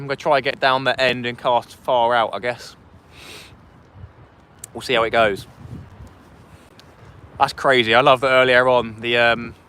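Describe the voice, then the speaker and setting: A man hosts a fishing livestream outdoors by the sea wall, streaming vertically on his phone and chatting casually with viewers, reading out chat and thanking donors. His medium-pitched voice is pushed and bright with a clean tone.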